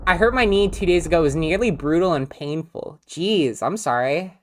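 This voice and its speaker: A woman's voice: lowish voice, lively intonation, moderate pace. A woman casually chatting and swearing while streaming a video game, rambling with frequent laughs.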